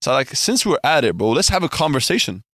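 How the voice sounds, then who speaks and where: A young man telling a story on a podcast, playing out both sides of the exchange and laughing as he goes. His voice swings widely in pitch and the words come fast. It sounds dry and close to the mic. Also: dry recording. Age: young adult. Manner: animated storyteller, acts out both sides of a dialogue, laughs often. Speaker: podcast co-host. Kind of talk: casual chat, storytelling.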